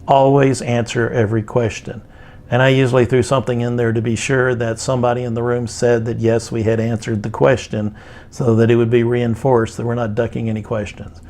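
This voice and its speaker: Older texan guy lecturing on business, folksy and plain, lots of uhs, mid-pitched voice. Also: fairly even intonation, normal speed, a little mellow. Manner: plainspoken, folksy, with frequent fillers. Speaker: instructor. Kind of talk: recorded lecture.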